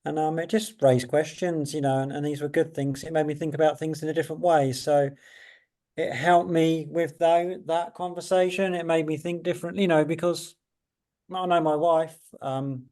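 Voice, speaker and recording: Gravelly, flat-voiced man far from mic. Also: on the high side, moderate pace. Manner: reflective, hesitant. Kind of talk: casual video call chat. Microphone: video call. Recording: distant video call mic.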